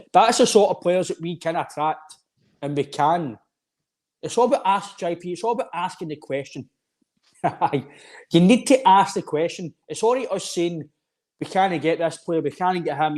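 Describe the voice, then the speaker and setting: A Scottish man co-hosting a football podcast, talking in an animated, opinionated way and pushing his point over the other speaker. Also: fairly high pitch. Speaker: podcast co-host. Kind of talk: casual football chat.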